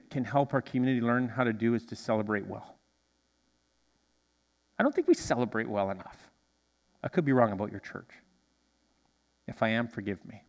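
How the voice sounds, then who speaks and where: A male pastor preaching a sermon in a church, animated and drawing responses from the congregation. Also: mid-range voice, in a large hall. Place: church sanctuary.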